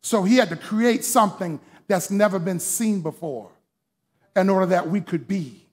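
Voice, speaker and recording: A man preaching a sermon to a congregation, calling on them to respond, moving from hushed teaching to shouted preaching. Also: high voice, moderate pace, breathy edge. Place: church sanctuary with congregation.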